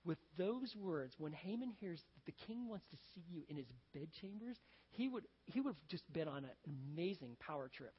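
A man preaching a sermon as a pastor, telling a story in an animated, conversational way. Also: sits high, normal speed, breathy edge. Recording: dull lo-fi sound with long hall reverb.

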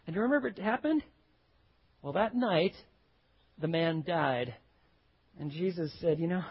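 A male pastor preaching a sermon, swinging from hushed lines to loud, acted-out quotes. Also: high voice, lively intonation, normal speed, slightly rough. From Texas. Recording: dull lo-fi recording.

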